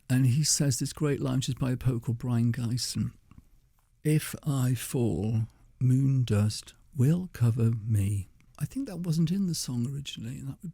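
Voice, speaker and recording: An older Englishman with a mid-range, dark, breathy voice and vocal fry tells stories as a guest on a radio show. He's chatty and laughs often, and there's no echo on the recording.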